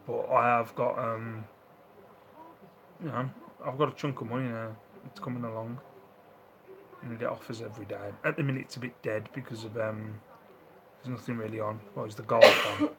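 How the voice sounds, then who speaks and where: A man's voice: mid-range voice, fairly bright tone, a little hiss or hum, low-quality recording. A man chatting casually on a live stream at home, reading out viewer comments, laughing often and acting out the voices of people in his stories. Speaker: live-stream host reselling second-hand goods.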